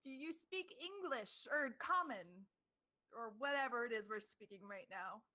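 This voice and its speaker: Woman player, teasing, bright tone, slightly high. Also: animated. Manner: teasing, quick to laugh. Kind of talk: casual chat.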